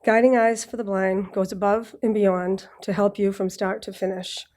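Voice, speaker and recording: A woman with a Boston accent from Massachusetts delivers a prepared graduation speech to a live audience. Her mid-range, slightly mellow voice is flat and moderately paced. Slightly nervous, she clears her throat now and then and slips in joking asides.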